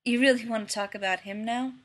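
A woman reading a story and voicing a gruff, sardonic man who talks flatly and teases. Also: very high-pitched, fast talker. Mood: dry. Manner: flat, dry, sardonic.

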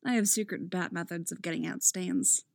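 A woman's voice: on the low side, normal speed, no echo, clean studio sound, lightly acted. A woman voicing a serious, grouchy young male hero in an audiobook reading, matter-of-fact in manner. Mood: deadpan. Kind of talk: audiobook character voice.

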